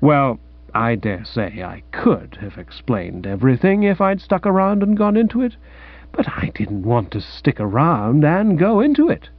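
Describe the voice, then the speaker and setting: A man narrating a comic audiobook with a lively, mock-grand storytelling manner. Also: on the high side, normal speed, no room sound. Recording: dry, dull lo-fi recording.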